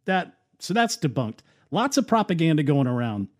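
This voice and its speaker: A man's voice: on the high side, very animated, normal speed. A man hosting an opinionated political commentary, talking casually with a sarcastic, scoffing manner. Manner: sarcastic, scoffing, conversational with fillers. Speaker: commentary show host.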